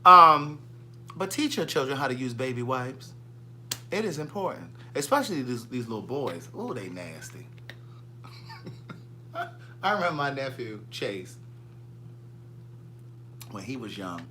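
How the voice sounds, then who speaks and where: A man with a Southern US accent hosting a casual livestream, chatting in a gossipy, animated way and reading viewer comments aloud. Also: mid-range voice, a little slow, long pauses, a little hiss or hum. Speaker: livestream host.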